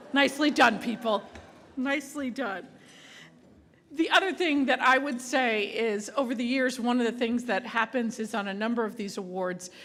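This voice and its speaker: A woman emcees a live awards ceremony with an easy, playful manner. Her voice sits on the higher side, and it carries with the long echo of a large hall. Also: fairly bright tone. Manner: playful, jokey, chatty.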